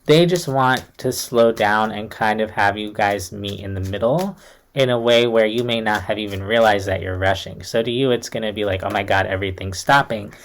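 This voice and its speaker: A man's voice: lowish voice, moderate pace. A young man giving a casual, reassuring tarot reading to camera, talking in a loose, chatty way full of fillers. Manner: chatty, reassuring, uses many fillers like "like" and "kind of". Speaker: tarot reader.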